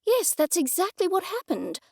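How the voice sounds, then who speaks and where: A woman's voice: very high voice, wildly swooping pitch, normal speed, vocal fry, warm tone, no echo, pitched above the performer's own voice, heavily acted. A woman narrator voicing an indignant middle-aged woman amateur sleuth who answers in a defensive, snappish way.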